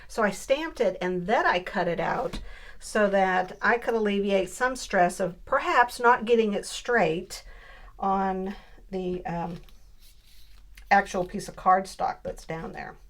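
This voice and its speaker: Slow-talking chatty woman crafter. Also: mid-range voice. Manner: chatty, upbeat, talks to viewers while working. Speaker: crafting video host. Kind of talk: casual craft tutorial chat.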